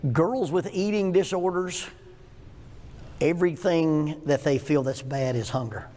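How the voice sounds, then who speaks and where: A man's voice: a little high, a little mellow. A man in his sixties teaching a church lesson, folksy and full of jokes, often asking his listeners questions. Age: 60s. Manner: folksy, joking storyteller asking the audience questions. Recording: hall with long echo.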